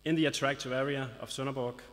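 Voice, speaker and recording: A man delivers a formal ceremony speech from a stage microphone, announcing in a measured way and slipping in the odd dry joke. His voice sits at an ordinary pitch for a man. A long reverb trails each phrase, as in a large hall. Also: fairly even intonation, fairly bright tone. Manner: formal, lightly joking, announcing. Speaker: business association representative.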